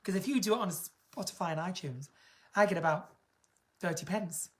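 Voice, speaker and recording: A woman's voice: on the low side, moderate pace. A woman hosting a casual live stream, chatting in a camp, gossipy and theatrical way. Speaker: singer and live-stream host.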